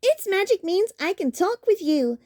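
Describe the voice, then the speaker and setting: A woman voicing a friendly pink female loch monster in a storybook reading, in a high, sing-song, gentle voice. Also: big pitch swings, normal speed. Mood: cheerful. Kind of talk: storybook character voice.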